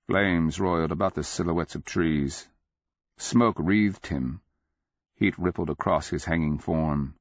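A man narrating a fantasy audiobook in a measured, grave, deliberate way. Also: low voice, dry recording. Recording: dull lo-fi audio.

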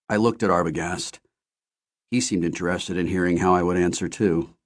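A man narrating a novel in a measured first-person storytelling voice. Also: low-pitched, steady tone. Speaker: audiobook narrator. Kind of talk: scripted narration.

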